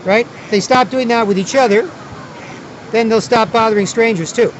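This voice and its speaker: A man's voice: very high voice, moderate pace, a little hiss or hum, rough recording. A man vlogging outdoors in a city plaza, rambling and repetitive, often tagging his points with "right?". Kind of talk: rambling outdoor vlog monologue.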